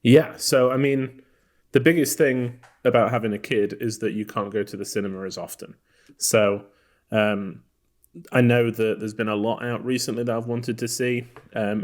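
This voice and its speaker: A man co-hosting a podcast in casual chat, relaxed and hesitant with many fillers. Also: lowish voice. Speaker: podcast co-host.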